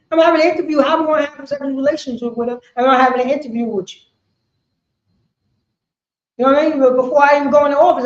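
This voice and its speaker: Male street teacher, high voice, rambling talk, dull echoey recording. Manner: rambling, keeps saying "you know what I'm saying". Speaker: religious teacher. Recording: echoey room, dull lo-fi sound.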